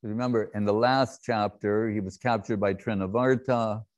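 A man giving a devotional talk, telling stories in an animated way, acting out scenes and laughing often. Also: fairly low pitch, normal speed, dull audio.

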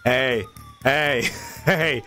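A man streaming a game, with a high, bright voice that leaps all over the place. He swears freely and yells at the screen, with faint music under him. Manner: excitable, swearing, yelling at the game. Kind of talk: casual gameplay commentary.

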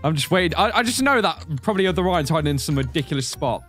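A young man chatting excitedly with friends while gaming on a headset. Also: on the high side, fast, soft background music. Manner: excitable, laughing, animated. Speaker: gamer. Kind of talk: casual chat while gaming.

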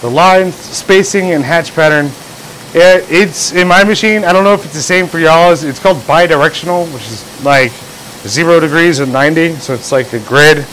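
A man's voice: on the high side, moderate pace, a bit bright, a little hiss or hum, poor audio. A man hosting a casual livestream from his workshop, who rambles, jokes, and acts out imagined scenes. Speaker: livestream host, engraver.

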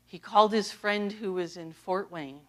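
A middle-aged associate pastor from the East Coast of the US tells her personal testimony from the pulpit at a medium pitch and ordinary speed. She stays animated, laughing often along the way.

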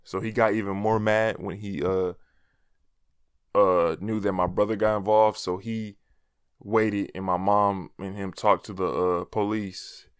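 A young man tells a story from his own life in casual vlog style, full of slang and swearing, chuckling at himself. His voice sits fairly low and comes through smooth and clear. The recording is dry and close, with no room sound. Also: flat delivery, a little slow, no room sound. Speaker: vlogger.

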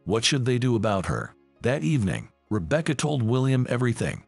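A male narrator reading a scripted family drama in an even, measured way. His voice is gravelly and husky, with a lively rise and fall in pitch. The recording is dry and close, with faint music underneath. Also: no room sound.

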